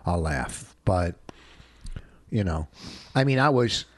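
A man's voice: sits low, animated, slow, dry recording. Defensive rambling man, dry close sound. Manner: rambling storyteller, gets defensive and loses his thread. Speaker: podcast co-host, comedian. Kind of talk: casual comedic banter.

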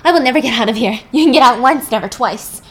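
A scarred, bitter male inmate of an asylum, speaking in taunts and accusations, as a woman puts him on while retelling a film. His voice swings up in pitch and volume as he presses his point. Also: expressive, a little fast, lightly acted. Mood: bitter accusing.

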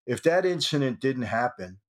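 An older man recounts a tense story in an interview, his voice sitting at a middle pitch. He talks in an animated way and slips into the voices of the people he quotes. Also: normal speed. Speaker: interview guest, former mobster.

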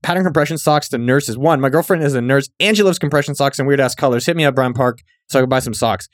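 A young man hosting a podcast, reading out listener names and riffing with quick jokes. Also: mid-range voice, no echo, studio quality. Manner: joking, riffing, quick asides. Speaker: podcast host. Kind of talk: reading listener shout-outs.

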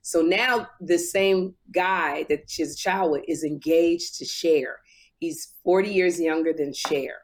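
A woman's voice: on the low side, measured pace. A woman co-hosting a casual chat, gossiping at length and slipping into impressions. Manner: chatty gossip, slips into impressions. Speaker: co-host.

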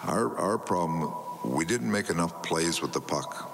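Very deep-voiced older male hockey coach. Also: animated, creaky, fairly bright tone. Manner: measured, plain-spoken game analysis. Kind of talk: post-practice media interview. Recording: clip with faint background noise.

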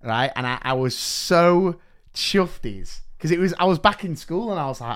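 A man, a teacher co-hosting a podcast, telling anecdotes in an animated, quick way. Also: on the high side, clear, resonant tone. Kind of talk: casual chat, anecdote telling.

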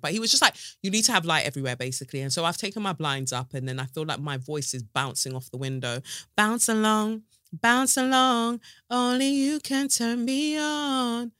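Chatty, digressive woman with bright voice. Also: lowish voice, no room sound, studio quality. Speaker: podcast host. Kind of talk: casual solo podcast chat. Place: home office with echoey window. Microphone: desk mic close to face.

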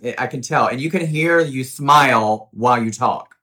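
A man hosting a podcast as a drag queen, chatty and animated, laughing often. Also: mid-range voice, moderate pace, noisy background. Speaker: podcast host. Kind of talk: casual chat.

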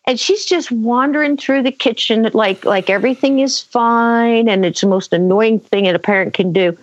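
A woman telling a personal story in conversation, animated, acting out quotes, with many fillers. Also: on the high side, normal speed, few pauses, no room sound. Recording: dull lo-fi dry sound.

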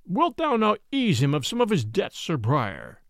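A man's voice: sits high, huge pitch swings, moderate pace, gravelly, a bit bright, no echo, clean studio sound, heavily acted. A man voicing a sly, evasive sheriff.

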